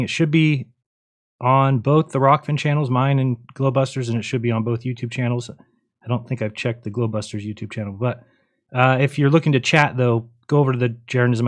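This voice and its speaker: A male host leads a memorial livestream in a subdued voice. He is hesitant and a little scattered, fixing muted guests as he talks. His pitch sits in the middle range. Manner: subdued, hesitant, fixing tech while talking. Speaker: show host.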